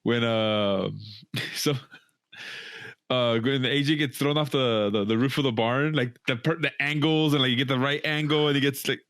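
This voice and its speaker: A man co-hosting a casual podcast, chatting in a relaxed, amused way. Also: medium pitch, normal speed, clean tone, dry recording, studio quality. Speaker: podcast co-host. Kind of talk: casual chat.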